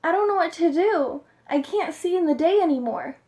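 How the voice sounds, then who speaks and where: A woman's voice: animated, normal speed, mellow. A woman voicing an eager, helpful young male owl in a told folktale. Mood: worried. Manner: high, breathless hooting.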